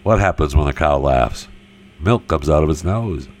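A man telling a string of corny cow jokes in a slow delivery and laughing at his own punchlines. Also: rumbling low, lively intonation, a little mellow, slight background noise. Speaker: joke teller.

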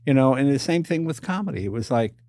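A fast-talking older man with a mid-range voice tells stories as a guest in an interview, animatedly voicing the people in them. The audio is studio quality, with no room sound.

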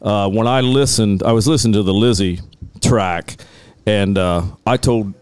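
A man's voice: fairly low pitch, moderate pace, darkish tone, clear, resonant tone, dry recording. A middle-aged man telling long, rambling stories about live sound work, swearing freely and laughing at his own tales. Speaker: guest, live sound engineer. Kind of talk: casual storytelling on a podcast.

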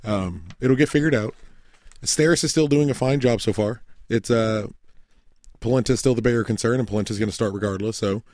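A man co-hosting a casual sports podcast, trading fast, profane, joking banter. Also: mid-range voice, a little mellow, no room sound, clean studio sound. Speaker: podcast co-host.

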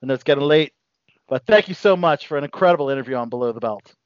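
A man's voice: mid-range voice, expressive, fast, no echo, muffled recording. A man hosting an interview, enthusiastic and full of exclamations. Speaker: host.

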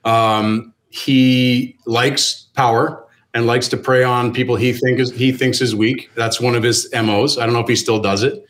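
Ex hockey guy on a podcast, mid-pitched voice, candid, restarts a lot. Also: fairly even intonation, fairly bright tone, rough recording. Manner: candid, measured, with many restarts. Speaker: podcast guest, former hockey player. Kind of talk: casual podcast chat.

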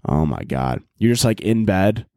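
A man hosting a solo podcast in casual chat, profane and rambling, mocking himself and jumping into loud, overdone voices to act out scenes. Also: sits low, animated, measured pace, no room sound, studio quality. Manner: jumps to loud exaggerated voices when acting out scenes. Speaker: podcast host.

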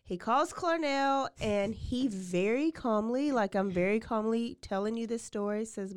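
A woman's voice: fairly high pitch, a little slow, few pauses, smooth. A woman hosting a podcast, casually retelling a true-crime story with lots of fillers and acted-out quotes. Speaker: podcast host.

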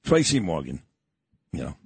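A man's voice: a bass voice, huge pitch swings, normal speed, creaky, breathy edge, dry recording. An older man from New York hosting a morning radio show, telling a story in an emphatic, boastful way.

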